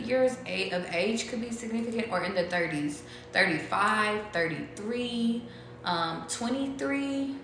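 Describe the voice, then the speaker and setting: Young woman reading tarot for her viewers, loose and profane; bright voice, faint hiss in the background. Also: mid-range voice. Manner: loose and chatty, swears freely, hums and sings snatches. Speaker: tarot reader. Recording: echoey room with faint background noise.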